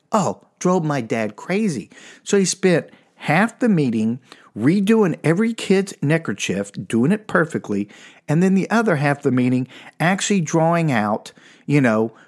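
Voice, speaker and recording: A man from Texas doing stand-up storytelling, animated and chuckling, who jumps into high mocking voices. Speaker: stand-up comedian.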